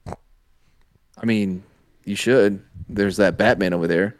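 A man's voice: lowish voice, steady tone, slow, dry recording. A man co-hosting a radio show, making dry, blunt remarks. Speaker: radio co-host. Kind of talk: casual radio banter.

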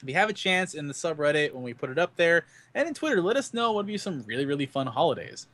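A man's voice: fairly high pitch, fast talker, no echo. A man co-hosting a podcast, chatting casually and joking around with his co-hosts. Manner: joking, animated. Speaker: podcast co-host.

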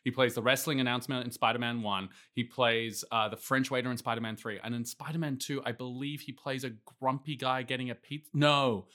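A man co-hosting a casual film podcast, speaking at a middle pitch. He is wry and laughs easily, and he stretches out his words when he lands a joke. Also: fairly even intonation, bright, forceful tone. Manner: wry, laughs often, slows down for effect. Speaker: podcast co-host.

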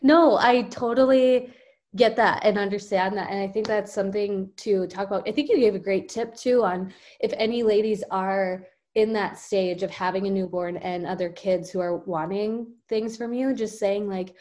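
A young woman chatting casually, animated, often jumping her voice up to act out what children say. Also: normal speed. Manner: animated, acts out kids' voices with big pitch jumps. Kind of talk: casual conversational chat.

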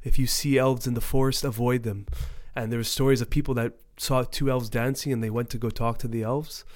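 A man's voice: mid-range voice, little pitch movement, brisk, darkish tone. A young man in casual podcast chat, telling stories animatedly and swearing casually.

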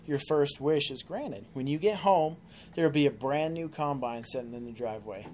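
A man's voice: fairly high pitch, moderate pace, darkish tone, slight background noise, lightly acted. A man voicing a matter-of-fact genie in a spoken joke. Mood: formal.

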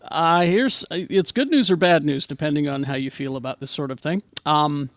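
A man hosting a casual group chat about movie news, joking around and dropping deadpan impressions. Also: a little high, moderate pace, no room sound. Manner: jokey, trades in deadpan one-line impressions. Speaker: podcast host reading movie news.

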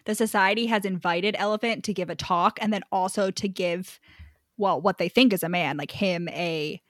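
A young woman co-hosting a casual book chat, animated and laughing often, breaking into loud excited bursts. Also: mid-range voice, moderate pace, no room sound, clean studio sound. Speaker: podcast co-host.

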